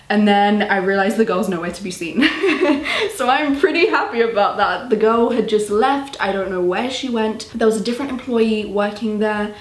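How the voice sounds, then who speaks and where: A young woman with a British accent telling a storytime vlog in an animated, exasperated way. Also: medium pitch, reverberant. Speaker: vlogger.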